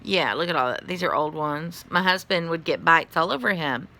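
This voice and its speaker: A woman's voice: low voice, expressive, normal speed, sharp tone. A tired middle-aged woman, chatting casually to her phone camera in a rambling way, yawning and swearing now and then. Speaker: vlogger.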